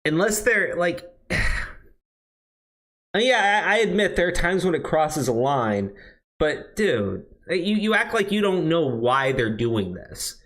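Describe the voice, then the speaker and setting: A man's voice: a little high, big pitch swings, slow pace, a bit bright. A man ranting on a live stream from his office, swearing a lot and stammering through restarts. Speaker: streamer and commentator. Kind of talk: profane live-stream commentary. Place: new office.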